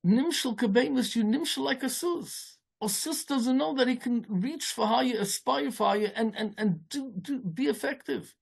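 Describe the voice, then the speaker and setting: A man giving an informal Torah talk as a rabbi. He speaks haltingly, with many restarts, and mixes Yiddish and Hebrew terms into his English. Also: creaky, husky. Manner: storytelling, rising in pitch as the tale builds.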